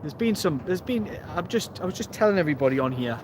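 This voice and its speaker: A man hosting a football fan live stream, chatting and joking casually from pitchside at a stadium. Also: animated, quick pace, noisy background. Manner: chatty, jokey, rambling. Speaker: host of a football fan channel.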